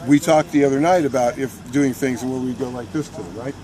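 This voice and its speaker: A man recounting a protest in animated first-person storytelling, restarting and repeating words and laughing as he goes. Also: mid-range voice, brisk. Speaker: militia member recounting a protest.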